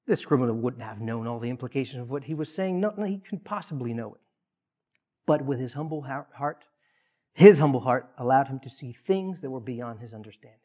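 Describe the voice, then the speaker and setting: A male pastor delivers a sermon in an ordinary mid-pitched voice. His delivery is earnest. He leans hard on emphasis, then falls back to hushed, quiet lines. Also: expressive, a little fast. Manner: earnest preaching, swinging between loud emphasis and hushed asides.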